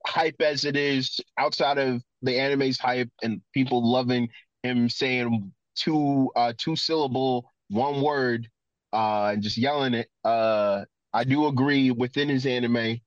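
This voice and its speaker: Slow, halting man on dull dry audio. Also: mid-range voice, fairly even intonation, dry recording. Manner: halting, full of fillers. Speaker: podcast co-host. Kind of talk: casual chat.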